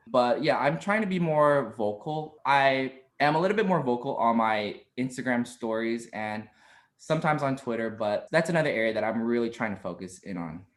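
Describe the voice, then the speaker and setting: A young man in his twenties, a podcast guest in casual interview chat, telling stories in an animated way and laughing easily. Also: medium pitch. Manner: animated storyteller, quick to laugh.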